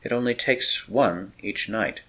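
A frightened young wife from an audiobook adventure, breathless and pleading, as a man puts her on. Her voice sits higher than the reader's own and keeps a husky edge, tender and fearful. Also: wildly swooping pitch, slow pace, heavily acted.

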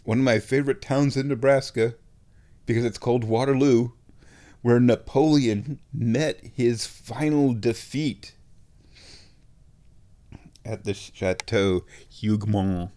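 A man's voice: medium pitch, fairly even intonation, slow pace, long pauses, dark tone. A man with stuffed-up sinuses hosting a podcast, talking in a casual, playful, digressive monologue while walking around his home. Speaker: podcast host. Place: at home, walking between rooms.

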